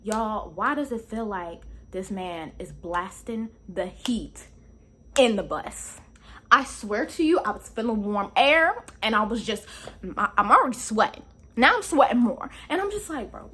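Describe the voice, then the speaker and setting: A young adult woman telling a storytime vlog in an animated, slangy, exclamatory way. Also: fairly high pitch, normal speed, husky. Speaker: vlogger.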